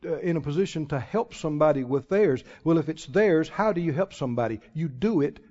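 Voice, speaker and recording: A man preaching a sermon as pastor, folksy and emphatic, with sudden loud swells and drawn-out words. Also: a little high, lively intonation. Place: church sanctuary. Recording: muffled recording in a reverberant church hall.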